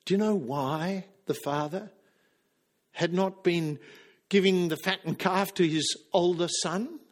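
A man preaching a sermon with passion, acting out the quoted speakers' lines and dropping to a hush for emphasis. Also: high voice, unhurried. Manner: impassioned, acts out quoted lines.

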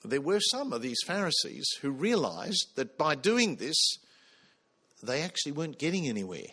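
A man's voice: fairly high pitch, very animated, moderate pace, bright, forceful tone, breathy edge. A man preaching a sermon, earnest, putting questions to the congregation.

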